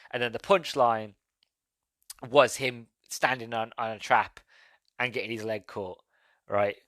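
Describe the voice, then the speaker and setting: A young adult man with a mid-range, sharp-toned voice is heard on a dry recording. Hosting a podcast, he casually reviews a film, rambling, correcting himself, and laughing as he recounts scenes.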